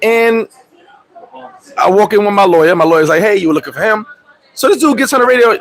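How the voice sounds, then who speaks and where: A man's voice: high voice, a little fast, long pauses, low-quality recording. A man who lives abroad telling a story on his livestream, swearing often and acting out the other people in it. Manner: profane, animated storytelling. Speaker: vlogger. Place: Dominican Republic.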